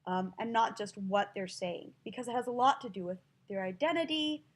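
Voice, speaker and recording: A woman teacher giving a listening lesson to language learners, explaining slowly and spelling words out letter by letter. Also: medium pitch, animated.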